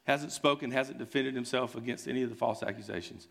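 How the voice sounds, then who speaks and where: A man's voice: medium pitch, fast talker, vocal fry, few pauses, fairly bright tone. A man preaching a sermon, retelling a scene in an earnest, conversational way. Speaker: pastor. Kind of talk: sermon storytelling.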